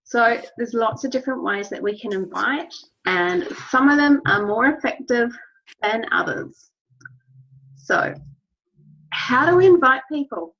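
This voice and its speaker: A woman's voice: fairly high pitch, sing-song, a little slow, creaky, fairly bright tone, husky. A woman giving an instructional talk to her team, earnest and encouraging, repeating key phrases. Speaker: wellness business trainer. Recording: dull lo-fi recording.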